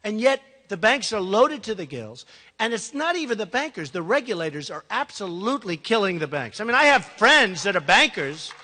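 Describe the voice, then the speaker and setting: Male political candidate, campaign speech, emphatic and repetitive, bright voice, reverberant large hall. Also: high-pitched, very animated, normal speed. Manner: emphatic and rambling, repeats himself. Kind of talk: campaign speech to a live audience.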